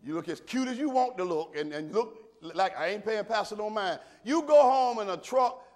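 An older man preaching a sermon, swinging from low murmurs to shouted preaching and throwing questions to the congregation. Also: animated, normal speed. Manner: call-and-response asides to the congregation. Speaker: pastor.

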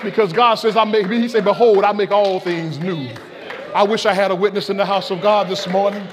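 In a church sanctuary with a faint crowd audible, a pastor preaches an impassioned Easter-style sermon. His voice is high, with fairly even intonation and a brisk pace, as he shouts in call-and-response to the congregation.

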